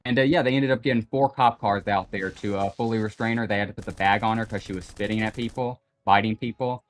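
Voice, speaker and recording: Talking fast in a lowish voice with fairly even intonation, this young man, a gaming stream guest, rambles through a story in a relaxed group voice chat. He keeps saying "like" and "you know," over faint background music.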